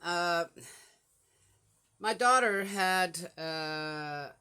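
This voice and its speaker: An older woman, a grandmother, chatting casually and rambling through a story with many fillers, getting animated and exasperated. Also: lowish voice, very slow, smooth. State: flushed from a hot flash. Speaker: Bible reading podcaster. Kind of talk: casual chat.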